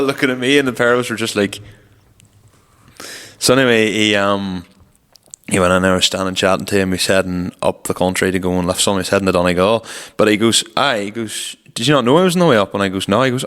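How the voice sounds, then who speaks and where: Lad on a podcast, real low smooth voice, long echo round the room. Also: male voice, quick pace, a bit bright. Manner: rambling storytelling with swearing. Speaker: podcast co-host. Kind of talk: casual chat.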